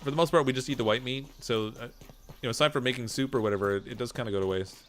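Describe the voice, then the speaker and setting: A man's voice: mid-range voice, rapid-fire, a bit bright. A man with a Canadian accent, chatting casually while gaming, reading chat comments aloud and laughing often. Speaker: gameplay streamer reading chat.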